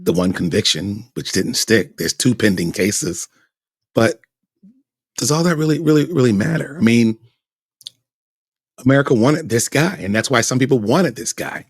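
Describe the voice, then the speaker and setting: A man's voice: mid-range voice, lively intonation, moderate pace, pauses often, breathy edge, no echo, studio quality. A man hosting a podcast, talking through his views in a rambling, emphatic way with many repeated words. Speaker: podcast host. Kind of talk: casual commentary.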